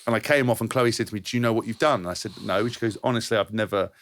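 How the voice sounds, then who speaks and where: A man's voice: on the low side, rapid-fire, fairly bright tone. A man, a podcast co-host who rambles through anecdotes, swears freely and often restarts his sentences. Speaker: podcast co-host, former rugby player. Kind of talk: casual storytelling chat.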